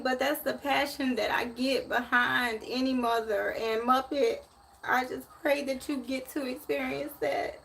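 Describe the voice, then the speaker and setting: Woman, 40s, live-stream tarot host, emotional, repeats herself, slightly high voice, faint background noise. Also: fairly even intonation, unhurried, gravelly, fairly bright tone. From Memphis, USA. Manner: emotional, repetitive, addresses viewers as y'all. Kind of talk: casual live-stream chat.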